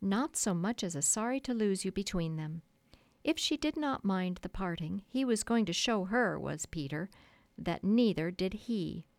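A woman reading a children's classic aloud in a measured, expressive storytelling manner. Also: mid-range voice, no room sound. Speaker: audiobook narrator. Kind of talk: scripted narration. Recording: dry close studio sound.

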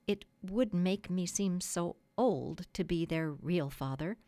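A woman reading aloud who voices a carefree young boy, puzzled and a little anxious, in a plain, slightly lowered voice. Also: animated, normal speed, darkish tone, dry recording, natural voice.

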